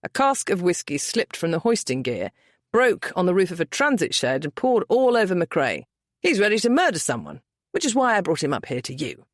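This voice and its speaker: Dry-witted young brother, woman narrator barely shifting, sardonic and quick. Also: fairly low pitch, wildly swooping pitch, no echo. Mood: wry. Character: wry young brother, dryly joking.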